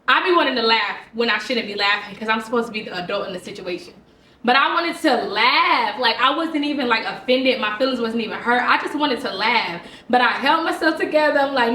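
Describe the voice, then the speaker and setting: A woman speaking with a bright, high voice that sounds forceful and sharp. She tells a classroom story with lively, expressive delivery. The recording sounds roomy, with the mic set back from her. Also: normal speed, distant mic. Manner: animated, expressive, quoting herself and others. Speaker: teacher. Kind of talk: casual storytelling to camera.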